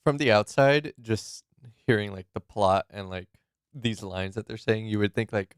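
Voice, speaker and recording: Male co-host, low voice, laid-back reflective delivery, dry sound. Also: normal speed, smooth, dry recording. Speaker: podcast co-host. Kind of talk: casual movie chat.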